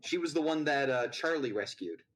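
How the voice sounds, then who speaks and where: A man's voice: fairly high pitch, expressive, moderate pace, low-quality recording. A man narrating as game master in a tabletop game, loose and rambling with lots of fillers.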